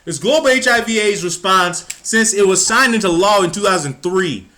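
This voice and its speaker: A man's voice: sits high, lively intonation, normal speed, bright, forceful tone. A man from the United States ranting about politics, heated and profane, stumbling over his words as he gets worked up. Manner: stumbles and restarts when worked up. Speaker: political commentator. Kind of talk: angry political rant.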